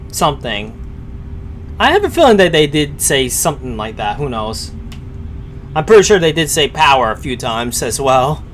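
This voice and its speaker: A man talks through a live stream in a loose, hesitant ramble, full of fillers and restarts. His voice sits a little high. A faint low rumble hums underneath. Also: a bit bright. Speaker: streamer reacting to a story. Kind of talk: casual live-stream commentary.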